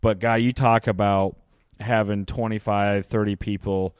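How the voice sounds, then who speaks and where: A man's voice: fairly low pitch, level tone, measured pace, smooth, no room sound, studio quality. A man with a Midwestern American accent, a podcast guest telling stories in an easygoing way and laughing as he goes. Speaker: podcast guest, land sales manager. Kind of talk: casual storytelling chat.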